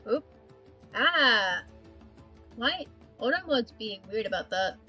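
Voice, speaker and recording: Bright-voiced woman rambling while drawing. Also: on the high side, sing-song, dull audio, soft background music. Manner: rambling, swearing, quick laughs. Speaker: art streamer. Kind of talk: casual livestream chat while drawing.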